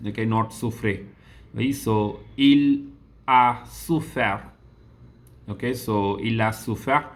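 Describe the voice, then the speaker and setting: A man's voice: lowish voice, a bit bright. Man patiently explaining a French lesson. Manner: explains slowly, repeats sentences, spells words letter by letter; frequent "okay" and "so" fillers. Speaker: French teacher. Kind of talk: classroom lesson walkthrough.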